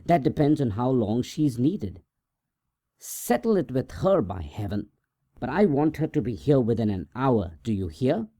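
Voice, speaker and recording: A man's voice: medium pitch, big pitch swings, a little slow, dark tone. A man voicing an angry, stern country doctor in a storybook reading, speaking in a raised, scolding way.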